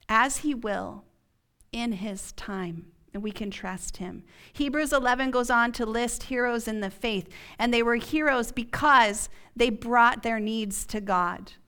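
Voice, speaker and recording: Woman pastor, sermon, slightly high and clear voice, unhurried emphatic delivery. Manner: earnest, slow and emphatic, dropping to a hushed whisper at key points. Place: church.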